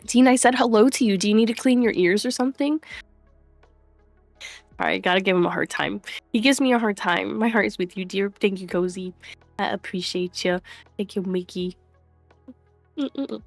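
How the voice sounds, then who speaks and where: Speaking at medium pitch with no room sound, a young woman livestreams casually from a desk microphone at home. She calls out chatters by name and laughs often.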